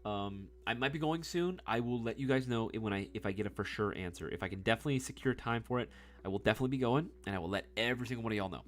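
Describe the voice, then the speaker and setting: A man's voice: lowish voice, very fast. A man in his thirties chatting casually on a live stream, reading the chat, laughing often and calling people "bro" and "dude.".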